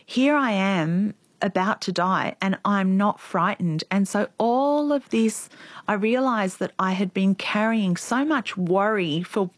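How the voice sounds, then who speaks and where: A middle-aged woman who is a guest in an interview. She tells a deeply personal story in an earnest, reflective way, speeding up and slowing down as she goes. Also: no echo.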